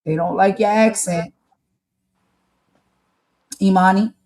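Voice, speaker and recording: A woman's voice: mid-range voice, steady tone, takes it slowly, darkish tone. A woman with a New Jersey accent tinged with North Carolina, speaking emphatically as a podcast co-host in casual commentary. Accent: New Jersey with a touch of North Carolina. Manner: emphatic, fired-up, uses "y'all" and "okay?".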